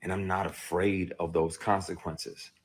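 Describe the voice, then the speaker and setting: A man's voice: low-pitched, flat delivery, measured pace, husky. A man, an actor, telling a personal story bluntly and emotionally, with frequent profanity and restarts. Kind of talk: candid first-person storytelling.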